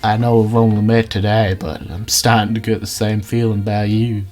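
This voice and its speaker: A man voicing a courtly older colonel in a dating game, speaking in a steady drawl. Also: on the low side, normal speed, faint music behind, natural voice. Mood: self-assured. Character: folksy older male fried-chicken colonel.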